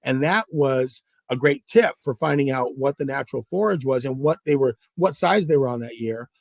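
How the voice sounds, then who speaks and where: This middle-aged Southern Californian has a gravelly, medium-pitched voice and a moderate pace as he shares fishing stories in a casual guest interview. He animatedly acts out the dialogue, recorded in clean studio sound without any room sound.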